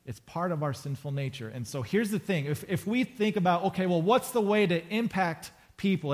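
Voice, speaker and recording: A man preaching a conversational sermon to a congregation, casual and joking, repeating phrases for emphasis. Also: fairly high pitch. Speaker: pastor. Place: church sanctuary before a congregation.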